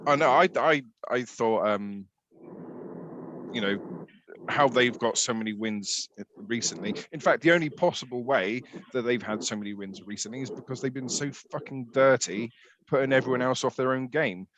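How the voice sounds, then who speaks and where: A man's voice: mid-range voice, moderate pace, background noise. A man co-hosting a casual fan podcast, rambling with many fillers and the odd swear word. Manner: rambling, swears, laughs a lot. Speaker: podcast co-host.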